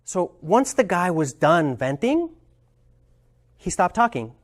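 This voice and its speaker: A man leading a communication workshop, explaining ideas thoughtfully and telling a story, often pausing to search for words. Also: high-pitched, sing-song. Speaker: communication trainer.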